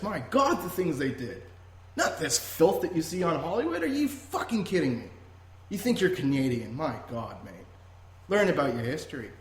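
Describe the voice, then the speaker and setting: A man hosting a podcast in a heated, emphatic rant that often turns to swearing. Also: on the high side. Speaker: podcast host. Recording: echoey room with faint noise.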